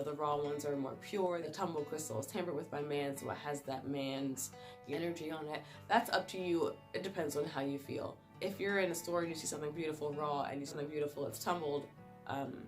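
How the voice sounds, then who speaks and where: A woman's voice: deep voice, a little mellow. A young woman vlogger chatting casually as she explains things and holds up stones to the camera. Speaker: crystal vlogger. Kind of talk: casual how-to talk.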